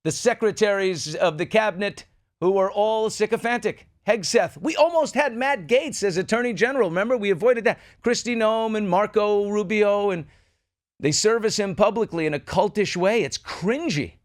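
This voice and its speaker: A man with a high-pitched voice hosts a commentary show. He is sardonic and quick to mock the people he talks about. He keeps the chat loose and opinionated. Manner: sardonic, mocking impressions of others. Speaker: podcast host.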